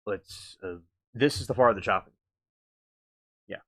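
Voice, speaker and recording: A man hosting a live stream, reacting casually to chat, halting and meandering with many restarts. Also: fairly low pitch, fairly bright tone.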